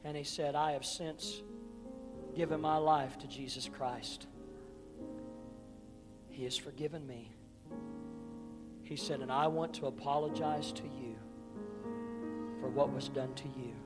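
A male pastor preaching a sermon, telling a story and calling on congregation members by name, rising to impassioned peaks and dropping to soft pleading. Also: mid-range voice, fairly even intonation, a little slow, long pauses. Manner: storytelling that swells to impassioned shouting, then drops to soft pleading. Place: church sanctuary. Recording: reverberant church with music behind.

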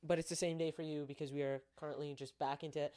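A man's voice: fairly high pitch, flat delivery, quick pace, mellow. A young man co-hosting a podcast, chatting casually in loose, slangy talk full of fillers. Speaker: podcast co-host. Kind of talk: casual chat.

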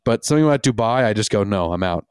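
A man's voice: fairly low pitch, animated, fast talker, darkish tone, smooth, no echo, studio quality. A man co-hosting a casual sports podcast from a remote home mic, laid-back and chatty, tossing in fillers and the odd swear. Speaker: podcast co-host. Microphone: remote call, home microphone.

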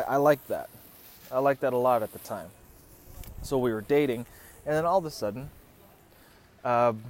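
Crude joking man telling stories. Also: mid-range voice. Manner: crude, joking, swears a lot, laughs. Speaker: podcast host. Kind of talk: casual storytelling. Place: living in the Philippines.

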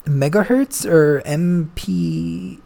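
A man's voice: fairly high pitch, drawn-out words, creaky, mellow. A young man, a guest, chatting casually and telling a long story, swearing freely and full of slang. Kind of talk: casual chat.

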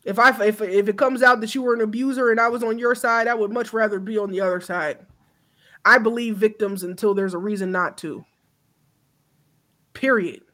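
A woman around thirty chats on a podcast with a bright, forward voice. She is blunt and impassioned, swears freely and often breaks off to restart her sentences. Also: medium pitch, normal speed. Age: about 30. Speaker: podcast co-host. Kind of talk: casual chat.

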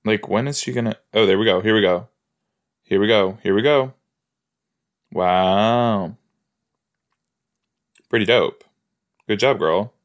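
A man with a somewhat low voice talks through a TV episode as a podcast host. He rambles in a loose, playful way, full of chatty asides and reactions. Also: slow pace, pauses often. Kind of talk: casual watch-along commentary.

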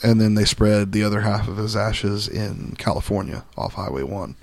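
A man's voice: fairly low pitch, moderate pace, creaky, darkish tone. A man telling stories in a casual podcast chat, emphatic and swearing now and then.

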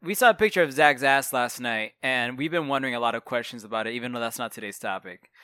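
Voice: mid-range voice, fast, pushed and bright, clean tone, dry recording, clean studio sound. A podcast host opening the show and chatting in a bubbly, upbeat way. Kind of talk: casual chat.

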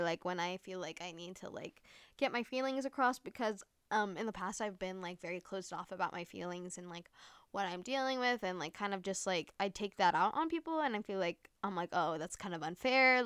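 A woman's voice: lowish voice, smooth, no room sound, clean studio sound. A young woman hosting a casual solo podcast at home, rambling through her thoughts with lots of fillers and casual swearing. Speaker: podcast host. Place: room at home with window open.

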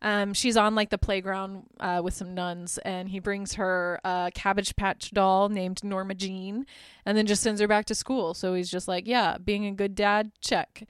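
A woman's voice: mid-range voice, little pitch movement, unhurried, smooth, no room sound, clean studio sound. A woman hosting a podcast and recapping a movie in a casual, sarcastic way. She says "like" constantly and swears freely. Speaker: podcast host.

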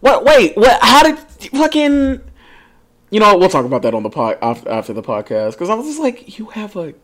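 A man's voice: high-pitched, big pitch swings, normal speed, a bit bright. A young man co-hosting a podcast, chatting casually in a loose, joking way with profane slang and frequent laughter. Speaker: podcast co-host. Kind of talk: casual chat.

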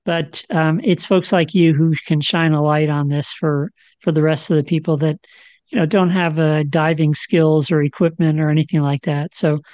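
Casting note: low-pitched woman, relaxed radio co-host, dry close mic. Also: moderate pace, dry recording. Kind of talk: radio talk show chat.

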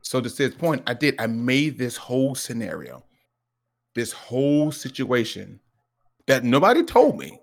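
A man co-hosting a podcast, telling a story in casual chat, restarting often and acting out what people said with sudden jumps in pitch. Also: a little slow, vocal fry. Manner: animated storyteller, acts out quoted lines with jumps in pitch; frequent restarts and repeated words. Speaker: podcast co-host.

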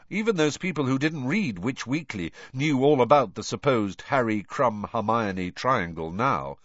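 Man, storybook narration, lively intonation, dry close sound. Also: lowish voice, no room sound, lo-fi sound. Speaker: audiobook narrator.

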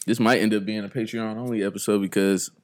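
Joking male podcast host, lowish voice. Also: fairly even intonation, fast, darkish tone. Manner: joking, laughing often, rambling. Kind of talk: casual podcast chat.

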